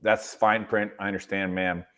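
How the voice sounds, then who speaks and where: A man's voice: deep voice, flat delivery, moderate pace, bright, forceful tone. A male veteran on a casual podcast telling a story with emphasis, often adding "right?" to push his points. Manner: emphatic, rhetorical "right?" tags.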